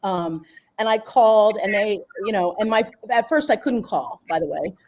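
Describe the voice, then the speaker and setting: A woman's voice: mid-range voice, normal speed, darkish tone. A middle-aged woman, a guest author and healer, tells a personal story in a casual interview, rambling, restarting her phrases and laughing often.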